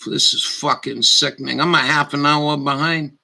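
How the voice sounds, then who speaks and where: A man's voice: fairly high pitch, gravelly, pushed and bright, poor audio. A man giving scornful, profane live commentary over news footage, rambling as he goes. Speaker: livestream commentator.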